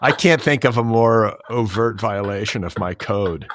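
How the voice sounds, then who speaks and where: Deep-voiced wry man host. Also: measured pace, dry recording, clean studio sound. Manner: wry, deadpan, particular about audio. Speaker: podcast host. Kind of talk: casual chat. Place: Los Angeles, USA.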